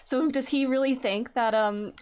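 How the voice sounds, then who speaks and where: A young woman streaming a game, chatting casually with her viewers in an excitable way, with lots of gasps and fillers. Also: high voice, normal speed. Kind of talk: casual live-stream chat.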